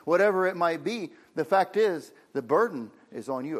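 A man's voice: high voice, lively intonation, moderate pace. A man giving a sermon in a plain, conversational way, often saying "you know". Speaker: preacher. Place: room with an audience.

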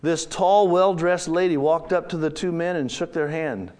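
Man, slightly high voice, first-person story reading, slow, dramatic pauses, church storyteller. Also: a little mellow.

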